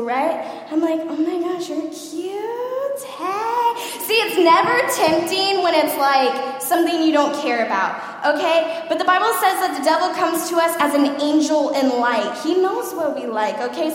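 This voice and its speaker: Young female speaker, high-pitched, chatty and animated sermon testimony, heavy hall echo. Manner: animated, chatty, asks "okay?" often. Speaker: youth speaker giving testimony. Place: large hall with audience. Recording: echoey hall, room mic.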